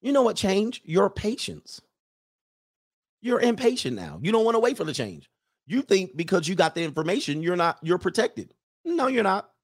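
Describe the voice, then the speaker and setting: Animated higher-voiced man ranting on a livestream. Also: moderate pace. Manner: animated, mocking and profane, with repeated rhetorical questions. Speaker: livestream show host.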